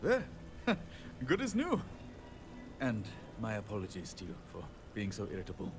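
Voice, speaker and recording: A man's voice: fairly low pitch, wildly swooping pitch, normal speed. A man voicing a weary, self-deprecating handyman in a video game, chatty and apologetic with light laughs. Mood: rueful. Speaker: game character. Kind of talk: video game character dialogue. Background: game music.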